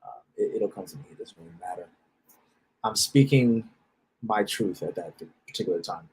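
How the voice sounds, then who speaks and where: Husky man, blunt and profane, repeats himself: self-help speaker. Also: fairly low pitch, moderate pace, pauses often, darkish tone, rough recording. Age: adult with a wife and children. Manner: repeats phrases, restarts. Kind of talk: casual motivational talk.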